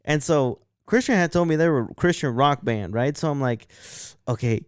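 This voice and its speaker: Man, podcast co-host, casual rambling story, crisp voice, dry close mic. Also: on the high side, normal speed, no echo. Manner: rambling, profane, acts out quotes.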